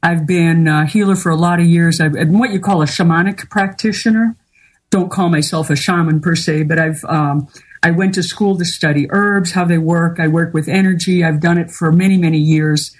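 Husky-voiced woman talking candidly. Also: fairly low pitch, fairly even intonation, normal speed. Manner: candid, rambling, with many fillers. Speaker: interview guest, artist and healer. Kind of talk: casual interview talk.

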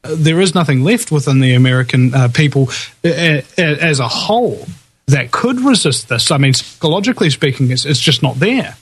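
A man's voice: a little high, expressive, moderate pace, husky. A man on a talk radio show, explaining his views at length in a thoughtful way, with many uhs.

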